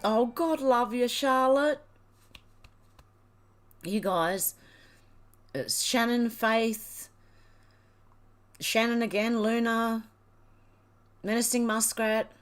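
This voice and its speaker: A woman's voice: a little high, very slow, long pauses. A woman hosting a livestream, reading out chat messages and getting teary as she thanks her viewers. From Australia. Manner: emotional, gushing, tearful thanks. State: teary, crying.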